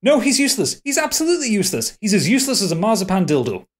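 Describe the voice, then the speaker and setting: A man's voice: sits high, huge pitch swings, very fast, pitched above the performer's own voice, full character voice. A man voicing a furious, foul-mouthed male political enforcer in a Geordie accent, snapping out insults. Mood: scornful.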